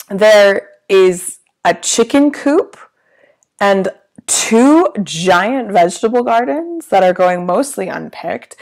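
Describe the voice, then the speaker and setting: A woman hosting a casual livestream from a small hotel room, with a low gravelly voice and a theatrical, chatty manner that slips into swearing. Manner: theatrical, grand greetings, then chatty with swearing. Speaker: livestream host.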